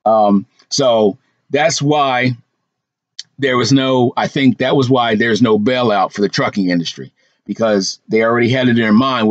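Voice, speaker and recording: A man's voice: mid-range voice, moderate pace, no echo, dull audio. A man hosting a trucking channel, talking casually through a list from his notes with asides and fillers. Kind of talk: casual commentary vlog.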